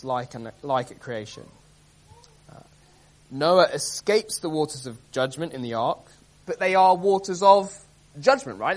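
A man preaching an expository sermon, earnest and emphatic, reading scripture aloud with dramatic stress and often pausing with um and uh. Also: fairly high pitch. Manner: earnest, emphatic, many ums and uhs.

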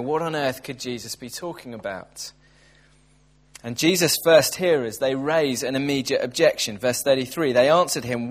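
A man preaching a sermon at a church service. He reads scripture in a measured, earnest way and then explains it with thinking-aloud asides. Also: mid-range voice.

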